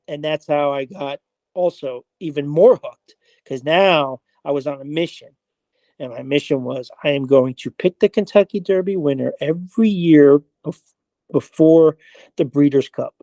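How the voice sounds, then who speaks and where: A man with a slightly high voice tells a story in a relaxed, chatty way. He jumps into the voices of people he quotes and drops in casual swearing. The sound is close and dry, with almost no room around him. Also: no room sound. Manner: animated, acts out quoted voices, frequent "I was like", mild swearing. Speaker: interview guest, horse player.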